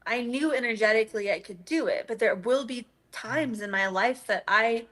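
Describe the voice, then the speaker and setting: A woman's voice: on the high side, moderate pace, a bit bright. A woman chatting as a guest, talking earnestly and filling her sentences with "like". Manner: earnest, many "like" fillers. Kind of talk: casual chat.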